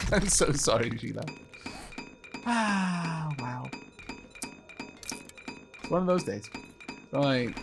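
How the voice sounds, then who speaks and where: A man hosting a co-op survival game video, thinking aloud about building and bantering with his teammate, apologetic and quick to giggle. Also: mid-range voice, lively intonation, creaky, music in the background. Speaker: gaming channel host. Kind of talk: co-op gameplay commentary.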